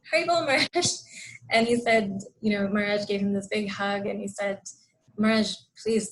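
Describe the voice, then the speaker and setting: A woman's voice: medium pitch, rough recording. A woman giving a devotional talk in an online program on a video call, telling a story with many fillers and acting out the quotes. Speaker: speaker.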